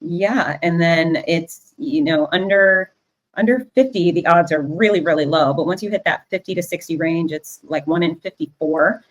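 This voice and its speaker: A woman's voice: on the low side, moderate pace. A woman hosting an interview, speaking in a candid and emphatic way. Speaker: host.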